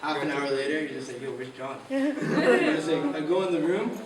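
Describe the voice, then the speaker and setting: A young man spins a casual story for his friends, laughing often and acting out quotes in slang. His voice sits high, and he is picked up by a distant mic in a roomy hall. A crowd chatters behind him. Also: very animated, fairly quick. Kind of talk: casual anecdote telling.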